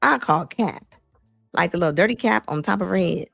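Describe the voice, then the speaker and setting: Woman host, casual slangy commentary, opinionated, dry close mic, soft music under. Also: lowish voice, animated, fairly quick, gravelly, no echo. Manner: chatty, slangy, laughing, opinionated.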